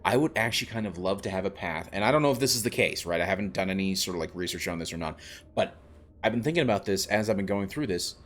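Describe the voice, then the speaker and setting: A man's voice: low voice, expressive, fast, a bit bright, slight background noise. A man streaming a video game, thinking aloud in a rambling, self-deprecating way. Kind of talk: casual gameplay commentary.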